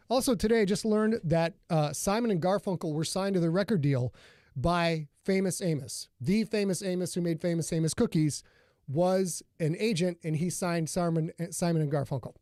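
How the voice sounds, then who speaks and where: A man's voice: sits high, moderate pace, darkish tone. Chatty man greeting his livestream viewers. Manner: rambling, greets viewers by name. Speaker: podcast host and author. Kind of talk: casual livestream chat. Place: home studio.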